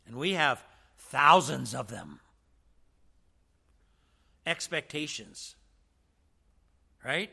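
A man's voice: mid-range voice, expressive, very slow, vocal fry, pauses often, sharp tone, breathy edge. A man teaching a church seminar in a preaching style, emphatic and full of rhetorical questions.

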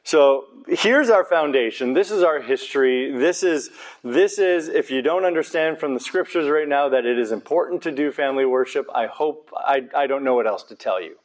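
A man's voice: mid-range voice, normal speed, few pauses. A man preaching a conversational sermon in a church, earnest and informal, with casual asides to his congregation.

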